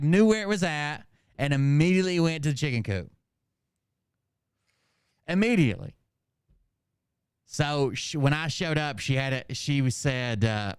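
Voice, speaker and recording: A man's voice: on the high side, clear, resonant tone, dry recording. Middle-aged man, casual profane storyteller, clean resonant voice, dry close sound. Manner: animated, profane, laughs at his own stories. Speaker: host.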